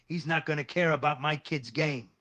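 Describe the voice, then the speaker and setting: A man's voice: on the high side, moderate pace, bright, forceful tone. A man voicing a tired male office worker who pleads earnestly with his boss while holding his temper. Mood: pleading.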